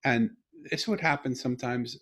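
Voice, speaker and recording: A middle-aged man hosting a podcast over a video call, telling an intimate story earnestly with halting restarts and bursts of emphasis. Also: medium pitch, fairly bright tone. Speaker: podcast host. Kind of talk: conversational storytelling.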